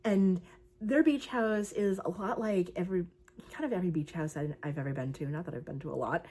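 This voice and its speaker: A woman's voice: fairly low pitch, fairly quick, warm tone, breathy edge. A young woman talking casually about her crochet project, chatty and rambling, with lots of fillers. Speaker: crochet vlogger. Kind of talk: casual craft vlog chat.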